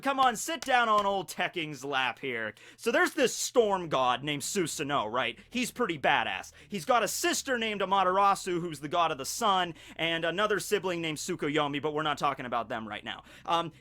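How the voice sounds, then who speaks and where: A man hosting an anime theory video, retelling a myth in a chatty, animated storytelling style. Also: on the high side. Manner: chatty and animated, slips into quick character voices. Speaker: YouTube anime theory host. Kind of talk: casual storytelling commentary.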